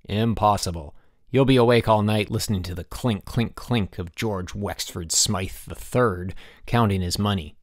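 A man puts on a cocky schoolboy ringleader in an audiobook, always ready with a sarcastic quip. He sounds bossy and quick-witted. The recording is dry and close. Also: lowish voice, no room sound, lightly acted.

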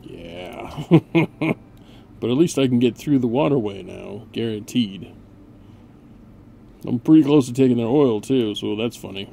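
A man's voice: mid-range voice, animated, a little slow, creaky, pauses often, warm tone. A man hosting a gameplay video, chatting casually and barking mock-grand orders at his units with a sarcastic edge.

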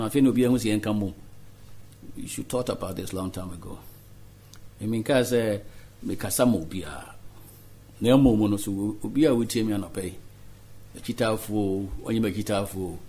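Ghanaian male politician, low husky delivery, earnest interview answers. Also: a little mellow. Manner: earnest, mixes Twi and English.

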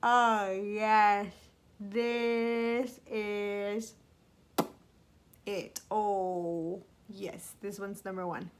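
A woman's voice: mid-range voice, flat delivery, very slow, a little hiss or hum. A young woman vlogger giving a bubbly, playful makeup review, talking straight to her viewers. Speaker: beauty vlogger.

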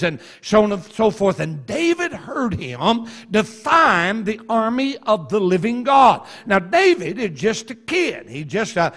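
A man preaching a revival sermon in a church, telling folksy stories with slow emphasis and quick asides. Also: sits high, big pitch swings, a bit bright. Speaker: evangelist. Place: church sanctuary.

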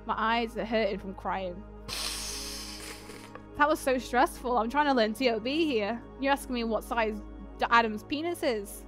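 A woman's voice: a little high, normal speed, soft background music. Woman bantering over gameplay. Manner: swearing, laughing, teasing banter. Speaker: co-host gaming streamer. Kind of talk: casual gaming chat.

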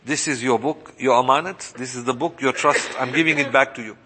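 A man's voice: mid-range voice, brisk, bright, forceful tone, slightly rough, pitched below the performer's own voice. A man voicing a polite young male Muslim student who earnestly explains himself to a friend. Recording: long reverberant hall.

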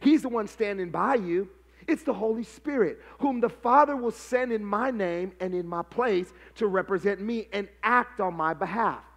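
A pastor preaching a live sermon, calling on his congregation to answer back and building to shouted, sing-song passion. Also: high voice, normal speed. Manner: call-and-response preaching, prompting the congregation.

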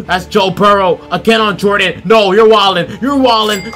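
Young man, high-pitched, excitable, profane game commentary, shouts at big plays, faint background music. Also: moderate pace, hardly any pauses. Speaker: gaming YouTuber. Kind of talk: profane play-by-play commentary over a video game.

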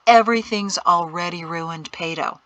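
A woman voicing a stern, worried middle-aged father who keeps his voice low and tense, often close to a whisper. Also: moderate pace, fairly bright tone, close to an everyday voice. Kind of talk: audiobook character reading.

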